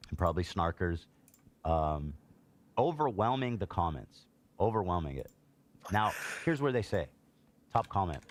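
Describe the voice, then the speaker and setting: Deep-voiced man ranting about online posts. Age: adult, a parent. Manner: exasperated, indignant, reads posts aloud. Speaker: streamer reacting to online posts. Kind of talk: heated political commentary.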